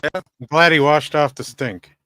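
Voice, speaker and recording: A man's voice: on the high side, normal speed, a bit bright, no echo. A man co-hosting a casual live stream, making dry, wisecracking comments.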